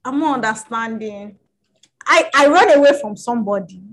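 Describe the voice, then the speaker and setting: A woman with a slightly high voice co-hosts a podcast in a laid-back, candid way. She banters easily and laughs often. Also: expressive, moderate pace. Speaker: podcast co-host. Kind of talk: casual chat.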